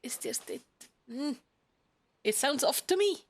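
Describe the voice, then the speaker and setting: A woman's voice: high voice, lively intonation, unhurried, a little hiss or hum. A woman from Iceland chatting playfully while streaming a game. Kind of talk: casual gameplay commentary.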